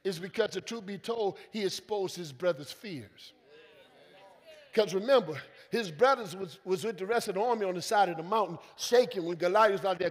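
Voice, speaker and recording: A man preaching a sermon as senior pastor, calling out to his congregation and building to loud emphatic lines, voicing quoted people in casual vernacular. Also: high-pitched, brisk. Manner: acts out quoted voices in conversational vernacular. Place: church sanctuary. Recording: long reverb of a church hall.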